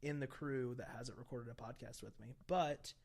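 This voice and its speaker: A man's voice: mid-range voice, normal speed, vocal fry, background noise. A man hosting a podcast in loose, jokey banter with friends, often laughing. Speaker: podcast host.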